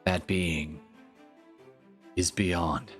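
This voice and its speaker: A man puts on an ancient, grave skeletal spirit for a tabletop game, slow and hushed yet commanding. The voice sits deep and low, with faint music playing underneath. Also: steady tone, full character voice. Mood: solemn.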